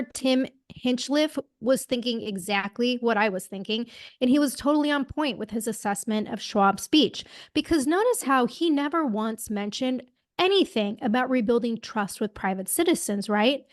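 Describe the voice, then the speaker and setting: Outspoken, sarcastic female podcast co-host; slightly high voice, dry close mic. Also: no room sound. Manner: outspoken, sarcastic, laughs at own slips. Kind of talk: casual podcast commentary, reading quotes.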